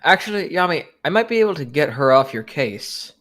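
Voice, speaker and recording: A man's voice: a little high, sing-song, a bit bright. A man playing a tabletop role-playing game, speaking in character with many fillers and restarts. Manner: halting, full of fillers and restarts. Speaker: player.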